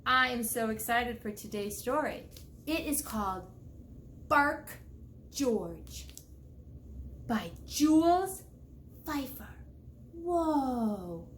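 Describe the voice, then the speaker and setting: A woman's voice: fairly high pitch, animated, takes it slowly, long pauses, fairly bright tone, a little hiss or hum. A woman reading a picture book aloud to young children, playful and asking them questions. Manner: playful, talks to young viewers, asks questions. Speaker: children's storyteller.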